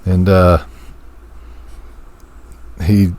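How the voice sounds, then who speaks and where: Young man, low voice, crude joking podcast co-host, dry close sound. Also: flat delivery, extremely slow, a little mellow, no echo. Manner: crude, joking, acts out quotes. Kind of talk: casual chat.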